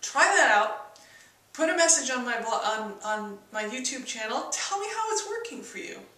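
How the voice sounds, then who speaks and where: A woman with a bright, forceful, somewhat high voice explains persuasion techniques to her viewers. She keeps breaking off to act out example lines with shifting tones. She sounds set back from the mic in an echoey room. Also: big pitch swings, moderate pace, distant mic. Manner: demonstrates tone shifts in example sentences. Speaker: persuasion teacher. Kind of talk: instructional video talk.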